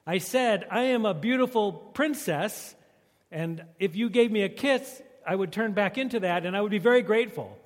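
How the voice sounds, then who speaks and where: A wheedling little talking frog, really a princess under a spell, squeaks up high and stretches every word out slowly, as a preacher puts her on in a joke. The voice rings through a big room with a long reverb tail. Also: lively intonation. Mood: pleading.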